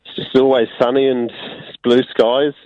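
A man's voice: mid-range voice, little pitch movement, moderate pace, dry recording. An English man calling in to a radio show, his accent drifting toward Australian, speaking hesitantly and repeating words. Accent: English with an Australian lilt. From England. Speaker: caller. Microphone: phone. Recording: tinny phone line.

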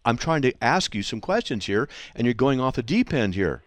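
A man's voice: mid-range voice, very animated, moderate pace, dry recording. A man hosting a call-in radio debate, pressing a caller with repeated questions and cutting in again and again. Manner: insistent, interrupts by repeating the caller's name. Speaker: radio show host.

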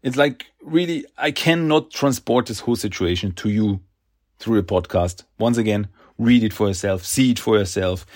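A man hosts a podcast, casually retelling a comic book story. He talks slowly and haltingly, leaning on fillers and restarts. His voice sits at an ordinary middle pitch. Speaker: podcast host.

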